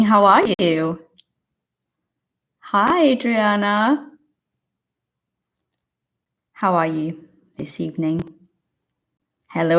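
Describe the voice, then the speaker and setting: A woman teaching a live English lesson, greeting viewers by name, explaining words and asking questions in a chatty way. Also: fairly low pitch. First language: Portuguese.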